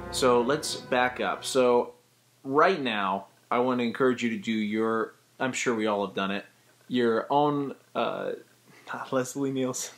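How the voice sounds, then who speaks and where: A chatty, upbeat man leads a casual voice acting tutorial in a mid-range voice. He talks quickly and loosely, with fillers, and drops into quick demonstrations. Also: mid-range voice. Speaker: voice acting teacher.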